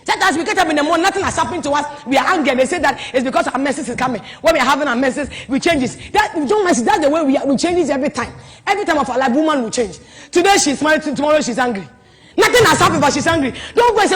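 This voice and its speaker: A woman preaching at a marriage conference, animated, dropping to soft tones and rising to loud exclamations. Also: sits high, fast talker, a faint crowd. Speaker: prophetess. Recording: hall reverb.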